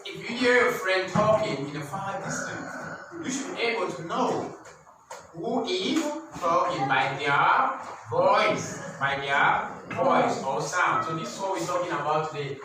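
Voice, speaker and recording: A man's voice: high-pitched, unhurried. Guy teaching little kids english, doing animal noises, far off in a really echoey noisy classroom. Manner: animated, imitates animal sounds. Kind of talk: classroom teaching of young children.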